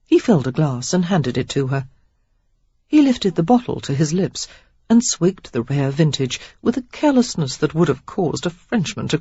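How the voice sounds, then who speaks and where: An audiobook narrator reading a romance novel in steady, expressive storytelling. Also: mid-range voice, breathy edge, no echo. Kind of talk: scripted narration. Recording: dull lo-fi dry recording.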